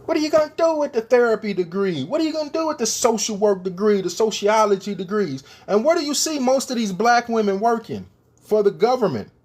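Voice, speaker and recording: A man's voice: high-pitched, animated, a little fast, a little mellow. A man delivering an opinion rant straight to his viewers, emphatic and firing off repeated rhetorical questions. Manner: addresses the viewers directly. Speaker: commentator.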